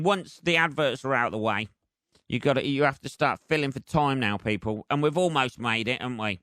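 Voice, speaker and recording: A man's voice: mid-range voice, a little fast, pushed and bright, dry recording. A man hosting a solo podcast, rambling and joking with lots of filler words. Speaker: podcast host.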